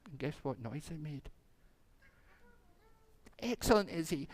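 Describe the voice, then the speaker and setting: A man's voice: fairly high pitch, expressive, a little slow, long pauses. A man, a minister telling a playful children's story during a church service and acting out the animals.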